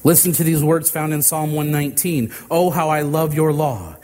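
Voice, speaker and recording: A man preaching a sermon, slow and deliberate, with dramatic pauses between phrases. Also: a little high, darkish tone, long reverb tail.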